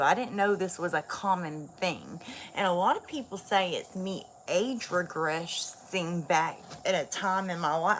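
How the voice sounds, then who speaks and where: Woman livestreamer, candid and blunt, lower-pitched voice, faint noise behind. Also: fairly bright tone. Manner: candid, blunt venting with swearing. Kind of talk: casual livestream chat.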